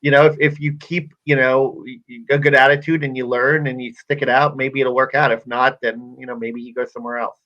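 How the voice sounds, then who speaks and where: Easygoing co-host over a dull line. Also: male voice, mid-range voice, a little fast, hardly any pauses. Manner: relaxed storyteller, hesitant fillers. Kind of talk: casual sports radio talk.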